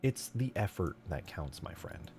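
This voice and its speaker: A deep-voiced young man hosting a livestream, rambling and cracking jokes between loose curses. Faint music plays underneath his casual chatter. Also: big pitch swings, a little slow, darkish tone. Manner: rambling, joking, swears freely. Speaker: livestream host.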